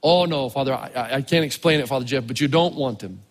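A preacher acting out a flustered male caddy master, stammering and eager to please, his husky voice echoing in a big hall. He pleads and hedges as he refuses a request. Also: medium pitch, fast, voice pushed down, natural voice. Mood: pleading. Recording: long reverb of a large hall.

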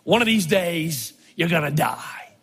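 A man voicing a solemn, booming older male preacher with a slow, grave delivery. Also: big pitch swings, gravelly, a bit bright, breathy edge, raised voice, full character voice. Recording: long reverb of a large hall.

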